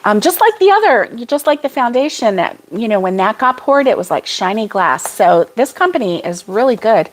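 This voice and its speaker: A woman's voice: a little high, sing-song, moderate pace, hardly any pauses. A woman hosting a casual livestream chat with viewers, rambling and laughing often. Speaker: crochet channel host.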